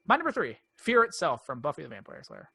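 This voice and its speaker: Bright-voiced animated male podcast host. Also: a little high, fast talker, gravelly, husky, no echo. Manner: animated storytelling, acting out quoted lines. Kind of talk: casual chat.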